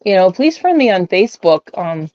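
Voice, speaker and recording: A woman guest telling her experiences in a casual, rambling way, full of fillers and animated retellings. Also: mid-range voice, a little fast, dry recording, highs cut off. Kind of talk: casual storytelling on a call-in show.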